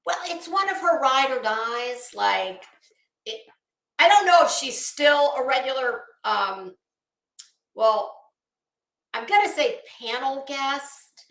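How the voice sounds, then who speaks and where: A high-pitched woman with a bright, edgy voice hosts a live commentary stream. She rambles in a blunt, sarcastic way and greets chat viewers between points. Her voice rings in an echoey room. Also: animated, slow pace, pauses often.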